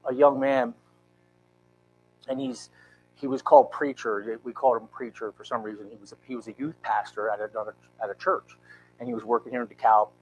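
A man in his fifties, a pastor, telling an emotional personal story in a church sermon with earnest, halting restarts. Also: mid-range voice, poor audio. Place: church sanctuary.

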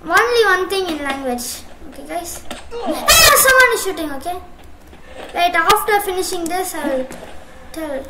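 Woman gamer with a very high voice, unhurried and excitable, in an echoey room with loud noise behind. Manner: excitable, apologetic, bursts of shouting. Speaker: mobile game streamer. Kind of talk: casual gameplay commentary. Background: loud ongoing noise and clicks.

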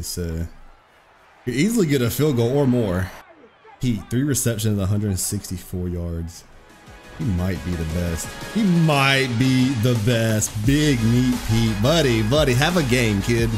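A young man giving excitable, profane live commentary over his own football video game match, trash-talking his opponent. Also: lowish voice, normal speed, over music. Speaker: gaming streamer.

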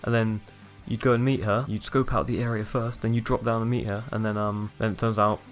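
Male gaming vlogger, lowish voice, rambling and upbeat, faint music behind. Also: little pitch movement. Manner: rambling, upbeat, retells scenes with quick acted-out quotes. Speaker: gaming YouTuber. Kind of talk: excited casual commentary.

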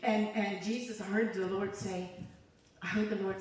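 A woman evangelist delivers a fervent, conversational sermon at a mid-range pitch. She keeps calling out to the congregation for responses. Her voice rings through a very reverberant sanctuary, picked up from a distance. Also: steady tone, normal speed, a little mellow. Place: church sanctuary. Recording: echoey church hall from far off.

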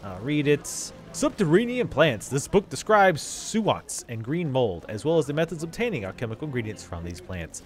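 A man's voice: medium pitch, big pitch swings, moderate pace, hardly any pauses. Guy doing let's play commentary, jokey and profane, voice all over the place, faint music. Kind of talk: casual game commentary.

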